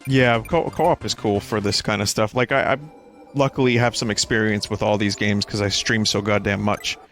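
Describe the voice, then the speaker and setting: A man's voice: fairly low pitch, fairly even intonation, moderate pace, a bit bright, soft background music. A man from New York in his thirties, streaming games and chatting loosely with plenty of swearing and jokes. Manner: loose, swearing, jokey storytelling. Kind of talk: casual chat while gaming.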